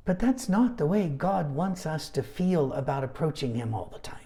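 A middle-aged man leading a Bible study, talking casually and telling animated stories with asides. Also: fairly high pitch, moderate pace. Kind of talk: conversational Bible teaching.

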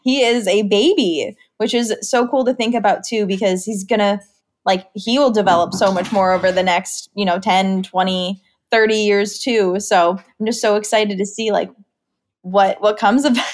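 A woman's voice: medium pitch, fairly even intonation, normal speed. A woman from California, a pet-owner guest in a casual interview, talking in a bubbly, giggly way with lots of "like". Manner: bubbly, giggly, heavy use of "like".

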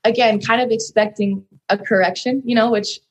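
Earnest young woman, slightly high voice. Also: steady tone, moderate pace. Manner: earnest, rambling, heavy use of "like" and "so". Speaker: podcast guest. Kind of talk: personal storytelling in conversation.

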